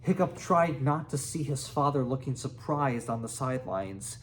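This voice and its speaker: A man's voice: mid-range voice, animated, moderate pace, slight background noise. A man reading a children's book aloud, laughing now and then and restarting words. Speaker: reader.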